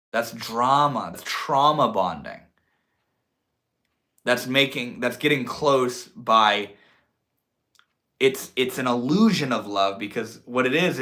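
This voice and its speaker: A young man hosting a livestream, talking in a reflective, drawn-out way and swearing casually. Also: mid-range voice, a bit bright. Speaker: livestream host.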